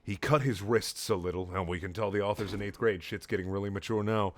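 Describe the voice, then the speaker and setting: A man reading a story aloud in a sarcastic, deadpan way, with mocking asides. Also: on the low side, fairly quick, dry recording. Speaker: comedic reader.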